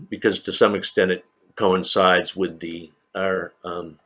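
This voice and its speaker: An older man with a slight New England accent lectures to a class in a very low, deep voice. He talks loosely, stopping for "um" and "uh" and circling back to restart his sentences. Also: fairly even intonation, slow pace, fairly bright tone. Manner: rambling, many fillers and restarts. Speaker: university lecturer.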